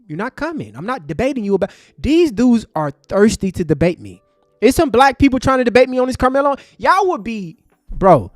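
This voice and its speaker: A man hosting a live stream, angry and passionate, cursing in street slang, with loud bursts and low mutters. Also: very animated, fairly quick, dry recording, studio quality. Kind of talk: heated live stream commentary.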